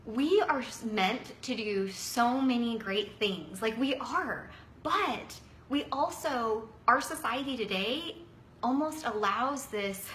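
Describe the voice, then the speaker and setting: Woman wellness coach, 30s, lively, chatty and upbeat, bright, slightly high voice, roomy echo. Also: slow, a little hiss or hum. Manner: energetic, chatty, acts out quotes in a higher voice. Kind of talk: motivational coaching talk.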